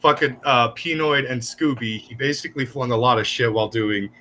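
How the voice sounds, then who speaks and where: A man co-hosting a stream, telling crude stories in an animated rant. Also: mid-range voice, a little fast, a little hiss or hum. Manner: crude, animated, laughs mid-story. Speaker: stream co-host. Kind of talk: casual storytelling rant.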